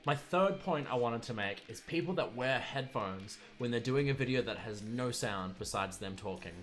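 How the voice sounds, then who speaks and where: A young man of about twenty, speaking at an ordinary middle pitch, rants casually through his list of annoyances. His tone is sarcastic and exasperated, and soft music plays faintly behind him. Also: expressive, normal speed. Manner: sarcastic, exasperated, chuckling asides. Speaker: streamer and video maker. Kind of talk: casual ranting vlog.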